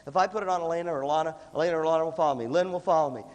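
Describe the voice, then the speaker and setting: A man's voice: on the high side, racing, a little mellow. A man giving a live motivational talk to a large student audience, conversational and coughing now and then. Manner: conversational, acts out quoted students. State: coughing repeatedly. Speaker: motivational speaker. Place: large hall with a big audience. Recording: long hall reverb.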